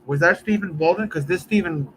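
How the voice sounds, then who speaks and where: A man's voice: sits high, fairly quick, a bit bright, slight background noise, rough recording. A man live streaming, chatting casually with viewers in a rambling, profane way.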